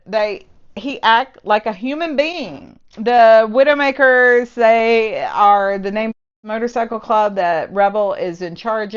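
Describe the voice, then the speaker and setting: A woman's voice: mid-range voice, smooth, lo-fi sound. Sarcastic woman reviewing a book. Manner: sarcastic, exasperated. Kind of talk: casual book review chat.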